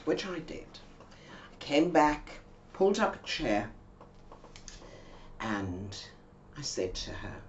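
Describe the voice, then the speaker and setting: A woman telling an anecdote slowly and quietly, with dramatic pauses. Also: rumbling low, sing-song, lo-fi sound, slight background noise. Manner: slow and hushed, with dramatic pauses. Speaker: storyteller. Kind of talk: told anecdote.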